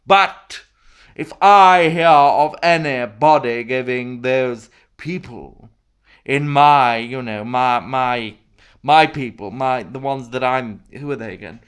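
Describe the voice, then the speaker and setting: A man's voice: medium pitch, slow, fairly bright tone, clear, resonant tone, pitched below the performer's own voice. A man playing a pompous, posh self-styled disability guru with a plummy, theatrical voice, who rambles and loses his thread. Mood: rambling. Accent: posh English. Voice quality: plummy, theatrical, calls everyone darling. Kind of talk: comic character monologue.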